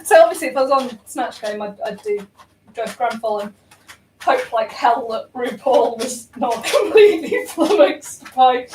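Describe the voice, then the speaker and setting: A woman's voice: on the high side, expressive, a little slow, darkish tone, a little hiss or hum. A young woman chatting casually while baking at home, rambling and self-mocking with lots of ums and laughs. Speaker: baking vlogger. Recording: roomy kitchen, voice from far off.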